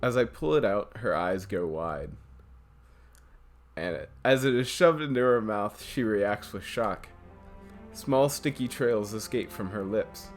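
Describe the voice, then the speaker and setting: Low-voiced man narrating a game. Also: animated, measured pace, faint music behind. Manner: casual, with small slips and restarts. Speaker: host. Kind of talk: narrating a visual novel playthrough.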